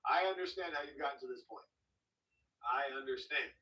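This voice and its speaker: A man's voice: medium pitch, brisk, pushed and bright, dull audio, a little hiss or hum. A man doing live-stream reaction commentary in a casual, slangy, joking way. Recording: echoey room, far from mic.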